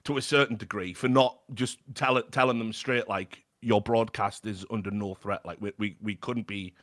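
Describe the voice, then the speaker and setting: A man's voice: fairly low pitch, fairly even intonation, normal speed, a bit bright. A British man on a podcast, telling a story in casual chat, swearing freely and restarting his sentences. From Britain. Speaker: podcast guest.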